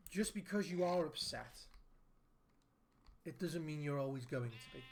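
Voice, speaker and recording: A man's voice: fairly high pitch, a little hiss or hum. A man, a father and gaming video host, speaking earnestly and heartfelt to the camera, repeating his points for emphasis. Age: adult, father of a young son.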